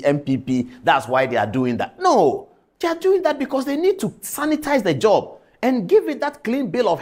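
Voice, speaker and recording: A man with a Ghanaian accent, a television journalist, giving commentary in a lecturing tone full of indignant rhetorical questions. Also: fairly high pitch.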